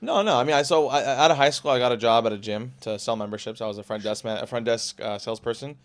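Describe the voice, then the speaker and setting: Brief: young man in his 20s, fast-talking podcast guest, rambling and restarting, plain casual delivery. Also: medium pitch. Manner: rapid, rambling, full of "like" and restarts. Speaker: podcast guest, car salesman. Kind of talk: casual storytelling.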